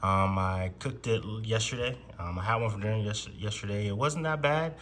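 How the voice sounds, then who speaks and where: A man's voice: on the low side, moderate pace, a bit bright, a little hiss or hum. A man chatting casually to camera in a home vlog, filmed in his kitchen, with many ums and restarts. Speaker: vlogger.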